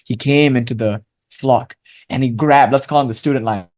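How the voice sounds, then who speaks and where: A man, a philosopher guest in an interview, telling a parable in an earnest, animated way and speaking with firm conviction. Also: medium pitch, normal speed. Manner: convinced, emphatic. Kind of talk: storytelling interview talk.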